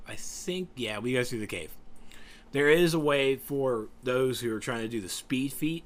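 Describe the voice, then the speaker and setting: A man's voice: mid-range voice, expressive, normal speed, slight background noise. A tired, yawning man giving casual, rambling commentary over a game raid walkthrough, joking and trailing off as he tries to recall names. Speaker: gameplay guide commentator.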